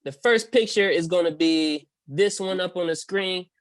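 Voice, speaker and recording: A man's voice: high-pitched, no room sound. A man hosting a casual podcast, who keeps the chat moving and affirms his guest's points. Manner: affirming, quick to say "indeed" and laugh along. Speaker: podcast host.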